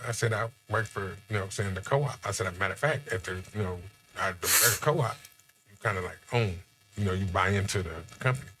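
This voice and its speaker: Low-voiced man telling stories. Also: brisk, a little hiss or hum. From Texas. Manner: animated storytelling with acted-out quotes. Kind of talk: casual podcast chat.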